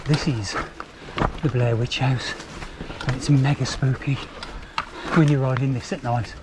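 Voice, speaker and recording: Out on country trails, an Englishman films himself by bike camera, chatting freely and swearing as he rides for his vlog. His medium voice is steady and measured in pace, and the outdoor mic carries clear wind and traffic noise.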